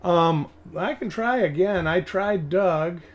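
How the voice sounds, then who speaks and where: Slightly high-voiced male stream host. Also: slow pace. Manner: thinking aloud, rambling while examining coins. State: hiccups. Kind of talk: casual live-stream commentary.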